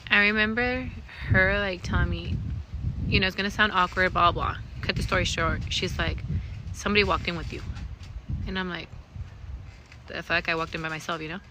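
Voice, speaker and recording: A woman's voice: lowish voice, steady tone, moderate pace, long pauses, background noise. A young woman telling a personal ghost story in a casual, rambling way, swearing often and using lots of fillers. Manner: rambling, profane, full of fillers.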